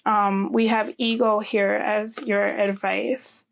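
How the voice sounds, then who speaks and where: Flat-voiced gravelly woman reading tarot. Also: mid-range voice, slow pace, few pauses. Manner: chatty, frequent "um" and "okay?" tags. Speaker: tarot reader. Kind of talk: casual tarot reading monologue.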